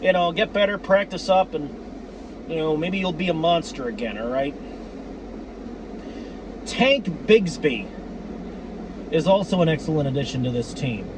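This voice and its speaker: A man giving profane, worked-up fan commentary on his team, repeating himself and breaking into shouts. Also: a little high, lively intonation, moderate pace, long pauses, background noise. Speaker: sports fan vlogger.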